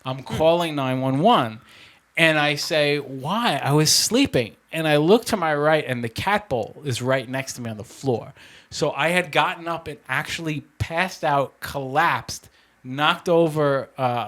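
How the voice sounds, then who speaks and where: A man casually telling a story on a podcast, animated and profane, laughing often. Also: on the high side, normal speed. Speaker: podcast co-host.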